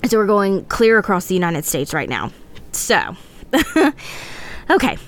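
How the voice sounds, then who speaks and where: A woman's voice: mid-range voice, huge pitch swings, slow pace. A woman co-hosting a casual podcast, reading a legend from her notes with frequent laughs and stumbles. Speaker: podcast co-host.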